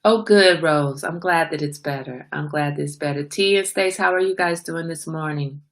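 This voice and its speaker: Low gravelly woman chatting on a livestream. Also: normal speed. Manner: chatty, greets viewers by name, reads out comments. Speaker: livestream host. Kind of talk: casual morning livestream chat.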